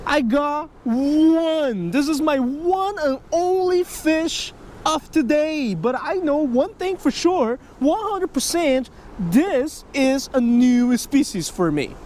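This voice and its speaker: Excitable high-voiced man fishing a creek. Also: takes it slowly. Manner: excitable, talks to himself and the fish, shouts when excited. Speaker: fishing vlogger. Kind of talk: excitable outdoor fishing vlog. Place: outdoors at a creek.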